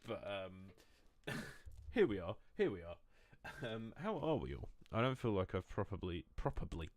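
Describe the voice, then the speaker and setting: A man's voice: deep voice, very animated, a little slow, no echo. A young man streaming from home, chatting casually to his viewers in a rambling, self-mocking way. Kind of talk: casual live-stream chat.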